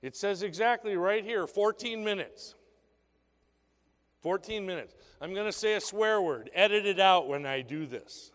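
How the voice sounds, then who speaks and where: Brief: male sales seminar speaker with a fairly high voice, punchy questions to the room, long hall reverb. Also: expressive, a little slow, a bit bright. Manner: punchy rhetorical questions to the audience. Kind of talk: motivational sales talk to an audience. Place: conference hall.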